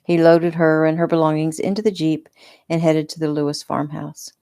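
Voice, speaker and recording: A woman reading her own novel aloud in a relaxed, unpolished, casual way. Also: sits low, moderate pace, smooth. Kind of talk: casual audiobook narration.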